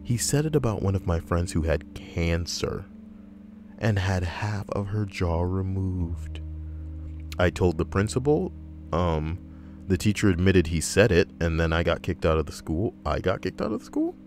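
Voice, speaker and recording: A young man commentating casually on posts he reads out, animated and profane, jumping high in pitch for emphasis. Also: a little slow, a little hiss or hum. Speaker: commentator reading and reacting to posts.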